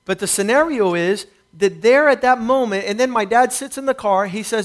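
A middle-aged man with a notably high voice delivers a sermon as a personal testimony. He moves from hushed, reflective stretches to louder, emphatic bursts as he tells his story. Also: moderate pace, hardly any pauses. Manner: storytelling testimony, rising and falling intensity. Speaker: preacher.

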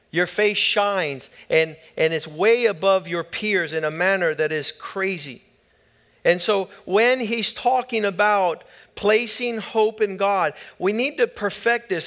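A man's voice: sits high, fairly bright tone. A man preaching a sermon as a pastor, with an emphatic cadence that rises and falls.

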